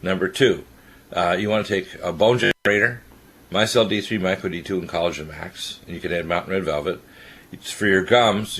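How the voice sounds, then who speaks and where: A man on a radio health talk show, giving rapid, rambling and opinionated advice. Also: sits low, a bit bright, breathy edge.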